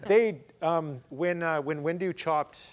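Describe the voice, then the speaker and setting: A man joining a podcast chat as a guest, explaining things slowly and deliberately. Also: a little high. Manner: slow, measured explainer. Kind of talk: casual chat.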